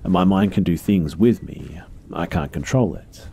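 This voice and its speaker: A man's voice: low-pitched, measured pace, vocal fry, warm tone, slight background noise. A man voicing a captive young woman who answers curtly and with hostility. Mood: defiant. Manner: curt and hostile.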